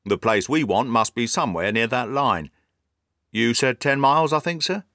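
A man's voice: medium pitch, animated, moderate pace, sharp tone, no room sound, clean studio sound. A man reading the lines of a hearty, self-assured police inspector in a storybook. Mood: brisk.

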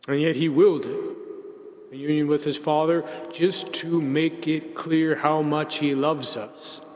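A man's voice: on the high side, fairly even intonation. Reflective male preacher in a hall. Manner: measured, reflective, slowing down on key words. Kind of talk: sermon. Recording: long reverb in a large hall.

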